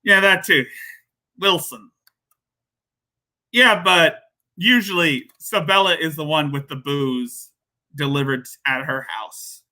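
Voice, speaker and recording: A man hosting a reaction commentary, mocking and sarcastic, with jumpy high exclamations. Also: takes it slowly, long pauses, sharp tone. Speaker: commentary host.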